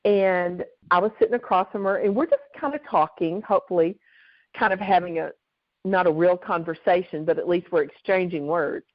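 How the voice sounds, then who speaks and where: A woman, a guest author, telling lively stories during an interview, on a dull, dry recording. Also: fairly low pitch, moderate pace, dry recording. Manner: animated, lively storyteller. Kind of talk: storytelling in an interview.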